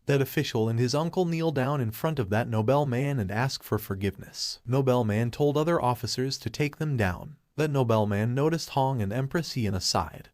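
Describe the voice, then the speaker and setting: A man narrates a comic-book story recap in an even, mid-pitched voice, reading plainly with halting grammar. The recording is close and dry, with no room sound. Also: no room sound.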